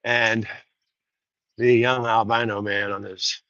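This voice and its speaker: A man's voice: fairly low pitch, flat delivery, slow, long pauses, sharp tone, dry recording. A man hosting a rambling walk-and-talk livestream outdoors by rice fields, chatty and digressive, on a dull lo-fi recording. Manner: digressive, chatty, folksy asides. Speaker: host.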